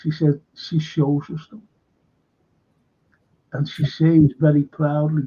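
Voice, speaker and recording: A man's voice: fairly high pitch, slow, husky. A man, a local historian chatting on a live stream and acting out the voices in his anecdotes. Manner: animated storyteller acting out quoted voices. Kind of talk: casual chat on a live stream. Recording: lo-fi stream audio.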